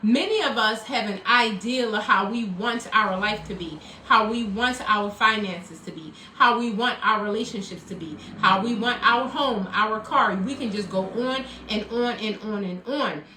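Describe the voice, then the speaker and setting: A woman hosting a live motivational talk as a life coach, energetic and preachy, often calling out to her audience. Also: medium pitch, moderate pace, few pauses, slight background noise. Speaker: life coach and show host. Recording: echoey room, a bit distant, faint music.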